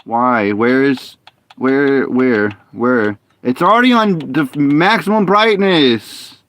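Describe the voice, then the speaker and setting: A man's voice: mid-range voice, takes it slowly, fairly bright tone. A man streaming a game live, muttering and complaining in frustration as he plays. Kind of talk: live gameplay commentary.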